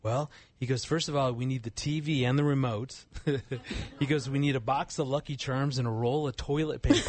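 A guest author on a talk show tells a family story and talks about love in a casual storytelling chat, often laughing as he speaks. His mid-range voice is steady and a little mellow at a moderate pace with few pauses, and there's a little hiss or hum.

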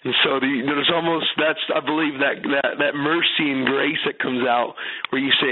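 A man's voice: medium pitch, steady tone, moderate pace, noisy background. A man who leads a youth ministry and has written a book, telling stories earnestly in an interview, with frequent restarts and fillers. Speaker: author and youth ministry leader. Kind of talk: storytelling in an interview. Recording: phone-line sound.

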